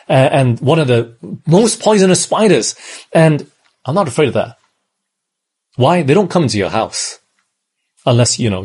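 Preaching in a conversational manner, this man raised in Australia has a very rough, husky voice with a darkish tone at a typical male pitch. He repeatedly turns to the congregation with questions.

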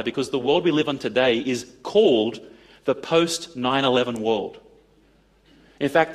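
A man telling a story to an audience, acting out the dialogue in an animated way. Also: mid-range voice. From Australia. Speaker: speaker addressing an audience. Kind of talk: storytelling talk.

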